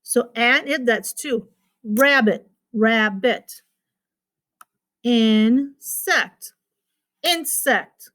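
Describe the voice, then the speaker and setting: A woman's voice: fairly high pitch, takes it slowly, pushed and bright. A woman teacher giving a recorded phonics lesson to children, patiently repeating words and sounding out their syllables.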